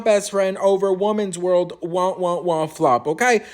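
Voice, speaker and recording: A man hosting a celebrity gossip talk, sassy and animated, calling his listeners "girl" and "best friend" and reading an article aloud with his own asides. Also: sits high, a little slow. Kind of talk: casual gossip commentary.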